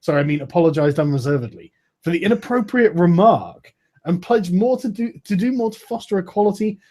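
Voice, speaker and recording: A man's voice: sits high, expressive, a little fast, mellow. A man in casual, profane podcast chat, laughing often and mocking with sarcastic put-on quotes.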